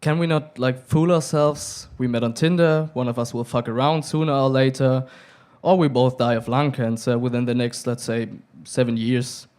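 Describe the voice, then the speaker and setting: A man's voice: mid-range voice, fairly even intonation, moderate pace, darkish tone, clean tone, natural voice. A young man with a German accent reading the lines of a blunt, pessimistic young woman. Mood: cynical. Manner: blunt, sarcastic.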